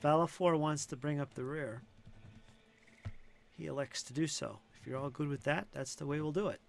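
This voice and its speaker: A man narrating a tabletop game as game master, relaxed and conversational, with frequent fillers. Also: fairly high pitch, normal speed, creaky.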